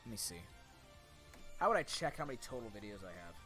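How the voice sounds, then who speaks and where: A man's voice: lowish voice, big pitch swings, quick pace, sharp tone, faint music behind. A young man with a sore throat, chatting on stream in a rambling, off-the-cuff way, full of fillers and restarts. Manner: talks to chat and friends off-mic. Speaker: streamer and content creator. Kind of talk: casual live-stream chat.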